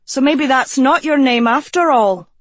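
A woman plays a self-assured teenage girl with a cool, pointed delivery. Slow and dry, close to the mic. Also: sits high, no echo, pitched above the performer's own voice.

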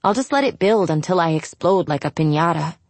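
A woman's voice: fairly low pitch, expressive, a little fast, a little mellow, dry recording. A woman reading a first-person novel aloud in a blunt, wry, exasperated voice. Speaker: audiobook narrator.

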